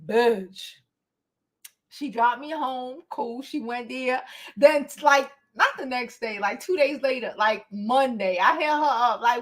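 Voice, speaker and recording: A woman vlogger telling a casual storytime to her viewers, animated and profane, often breaking into laughter. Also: on the high side, takes it slowly. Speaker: beauty vlogger.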